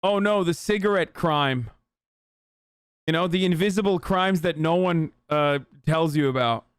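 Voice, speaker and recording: A man's voice: on the high side, a little slow, clean tone, dry recording, clean studio sound. A young man reacting to a TV clip on stream, swearing a lot and sounding sarcastic and exasperated. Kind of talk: casual reaction commentary.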